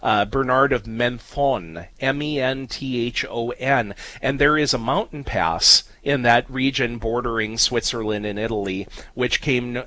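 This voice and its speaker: A man's voice: mid-range voice, measured pace, hardly any pauses, pushed and bright, dry recording, rough recording. A man co-hosting a Catholic talk show, explaining things at length with frequent fillers and spelled-out names. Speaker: co-host. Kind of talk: casual radio-style chat.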